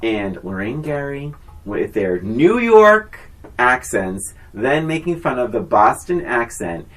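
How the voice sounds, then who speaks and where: A woman's voice: rumbling low, sing-song, slow, poor audio. A woman co-hosting a podcast, chatting casually and teasing her friend, rambling with fillers. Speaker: podcast co-host. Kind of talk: casual chat.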